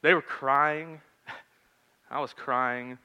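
A man in his thirties preaching a sermon in a conversational storytelling manner, swinging between loud and hushed. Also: mid-range voice, steady tone, extremely slow, clean tone. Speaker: pastor.

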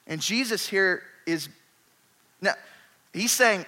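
A man preaching a sermon, retelling scripture in a lively, conversational way with emphatic rises. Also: high-pitched, slow pace, long pauses.

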